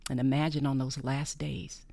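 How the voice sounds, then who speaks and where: An earnest monologue on faith comes from a podcast host who repeats phrases to stress them and often slips into a breathy whisper. The mid-range voice is level and slightly mellow, moving at a moderate pace with no room sound.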